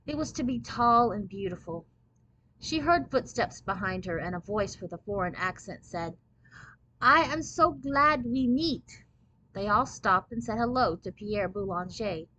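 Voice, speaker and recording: A woman reading a children's book aloud in clear, steady storybook narration. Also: medium pitch, moderate pace, low-quality recording.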